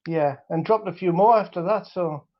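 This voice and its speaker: A man's voice: high-pitched, normal speed, dull audio, crowd noise. A man with a Northeast English accent, a guest chatting casually on a livestream with rambling, hesitant speech. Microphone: wireless mic.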